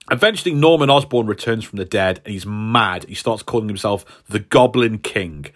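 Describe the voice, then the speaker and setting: Co-hosting a casual podcast chat, a man with a fairly low voice recaps a story a little fast, with few pauses. He rambles and sounds hesitant, filling his talk with many fillers.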